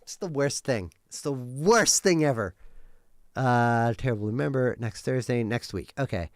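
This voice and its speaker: Man in his thirties, live streamer, rambling casual chat, swings his pitch a lot, dry close sound. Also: normal speed, no echo. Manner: rambling, animated, swears freely, many fillers.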